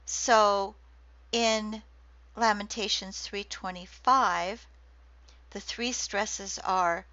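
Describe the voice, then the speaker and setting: A woman giving a recorded lecture on poetry, speaking deliberately and reading quoted verse slowly. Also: mid-range voice, steady tone, bright, forceful tone, no echo. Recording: dull lo-fi dry recording.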